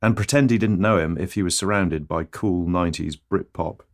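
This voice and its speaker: A middle-aged man hosting a comedy podcast, delivering a rambling, deadpan absurdist monologue that keeps interrupting itself. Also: sits low, normal speed.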